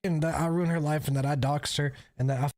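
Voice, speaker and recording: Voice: mid-range voice, steady tone, quick pace, a little mellow, dry recording, clean studio sound. A speaker chatting casually during a game, teasing, laughing and swearing.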